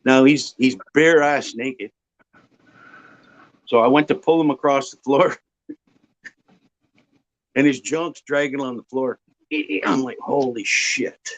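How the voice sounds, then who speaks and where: A man from Ontario, a guest casually telling a long, rambling anecdote with filler pauses. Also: mid-range voice. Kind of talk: casual storytelling. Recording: dull lo-fi audio.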